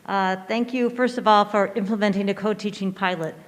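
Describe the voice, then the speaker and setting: Middle-aged woman educator reads a measured, earnest prepared statement, long hall reverb. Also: mid-range voice, fairly even intonation. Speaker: educator giving public comment. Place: school board meeting hall.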